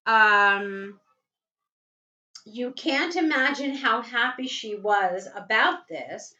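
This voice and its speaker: A woman's voice: on the high side, expressive, takes it slowly, bright, forceful tone, dull audio. A woman correcting a student's essay, patiently explaining each point step by step and reading the student's text aloud. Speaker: English writing tutor.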